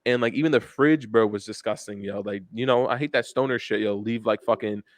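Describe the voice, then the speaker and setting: A man's voice: fairly low pitch, fairly quick, no room sound. A young man co-hosting a podcast, telling rambling, profane stories in casual chat and calling everyone "bro". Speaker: podcast co-host.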